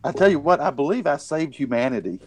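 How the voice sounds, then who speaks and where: A man's voice: on the high side, big pitch swings, fast talker, no room sound. A man, co-hosting a casual podcast chat, talking in emphatic, ranting bursts and calling people buddy. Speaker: podcast co-host.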